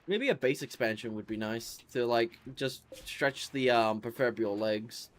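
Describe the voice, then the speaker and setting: A man's voice: medium pitch, expressive, unhurried. A sleepy man streaming a game, reading out menu items and rambling in a tired, offhand way. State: sleepy, yawning. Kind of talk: casual gameplay commentary.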